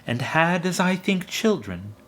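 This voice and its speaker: A man voicing a gentle, solemn spirit, speaking in a quiet, measured way. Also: on the high side, big pitch swings, a little hiss or hum, voice pushed up.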